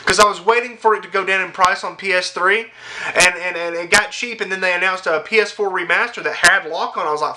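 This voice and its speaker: A young man ranting about video games, angry and sarcastic, swearing constantly and yelling at times. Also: sits high, a little fast, slight background noise. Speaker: gaming vlogger. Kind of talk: profane gaming rant to camera.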